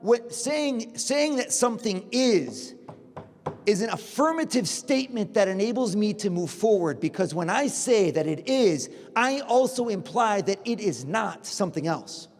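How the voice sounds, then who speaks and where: A man, a priest, giving a lively conference talk full of rhetorical questions and acted-out dialogue. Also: high voice, measured pace. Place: large conference hall. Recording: long hall reverb.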